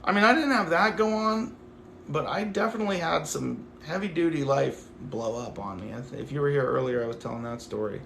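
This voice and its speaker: A man's voice: on the high side, fairly quick, vocal fry, fairly bright tone, roomy sound. A man hosting a casual livestream, talking to his viewers in a rambling, affectionate way full of "like". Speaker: livestream host.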